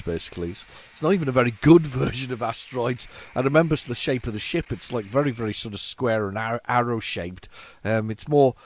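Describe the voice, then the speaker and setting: A man's voice: mid-range voice, a little hiss or hum. A man hosting a retro computing video, chatting casually and rambling to viewers as he tests old tapes. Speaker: retro computing channel host.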